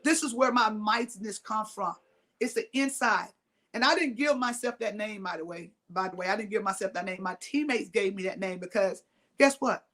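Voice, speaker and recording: A woman's voice: mid-range voice, moderate pace, a bit bright. A middle-aged woman from Mississippi giving a motivational talk, emphatic, repeating her key lines and throwing questions at the audience. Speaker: motivational speaker.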